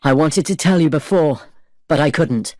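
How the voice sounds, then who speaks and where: A man's voice: fairly high pitch, animated, moderate pace, darkish tone, no echo, clean studio sound, close to an everyday voice. A man voicing an earnest young blacksmith who speaks up boldly for his friend. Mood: tender.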